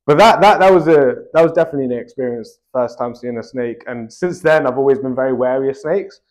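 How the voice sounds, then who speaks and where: A man's voice: medium pitch, fast talker, a little mellow. A young Australian man telling a rambling story in casual chat, dotting his talk with "like" and "bro".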